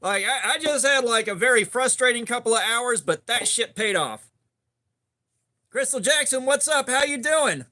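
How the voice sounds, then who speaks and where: A man's voice: very high-pitched, animated, moderate pace, bright, forceful tone. A man hosting a laid-back live stream, greeting chat viewers by name. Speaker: livestream host.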